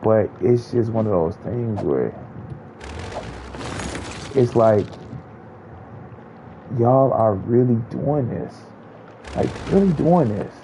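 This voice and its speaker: A man's voice: medium pitch, dark tone, lo-fi sound, a little hiss or hum. A man streaming a game while he rants in casual commentary, blunt, heated and full of swearing.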